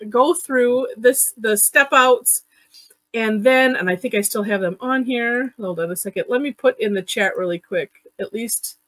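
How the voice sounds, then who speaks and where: A woman's voice: a little high, fairly bright tone, dry recording. A woman hosting an online drawing class over a video call, chatty and giggly, with lots of fillers and restarts. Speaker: online art class host. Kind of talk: casual live-stream teaching.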